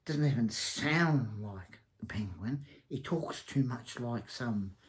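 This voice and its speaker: A man's voice: medium pitch, expressive, slow. A man giving a casual spoken review of a TV series. He rambles and hesitates, and his verdicts are blunt and scornful.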